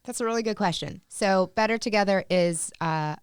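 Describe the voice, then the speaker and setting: A woman guest on a casual podcast, speaking earnestly with halting "um"s and "uh"s. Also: medium pitch, clean tone, no room sound, studio quality. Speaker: guest, dog rescue founder. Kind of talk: casual chat.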